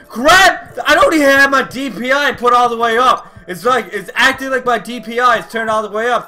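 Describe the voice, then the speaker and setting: High, bright-voiced man raging at a game. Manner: swears constantly, swings from shouting to muttering. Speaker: gaming YouTuber. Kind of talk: raging gameplay commentary.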